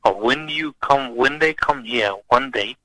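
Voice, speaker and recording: A man's voice: mid-range voice, a little slow, sharp tone, dry recording, low-quality recording. A man calling in to a radio talk show, talking in an emphatic, insistent way. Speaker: caller.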